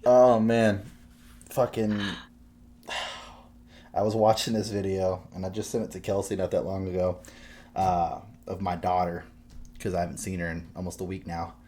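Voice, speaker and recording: A young man telling stories in casual podcast chat, swearing often and laughing loudly. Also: low voice, measured pace, long pauses, a little hiss or hum. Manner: profane, animated storytelling. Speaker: podcast co-host.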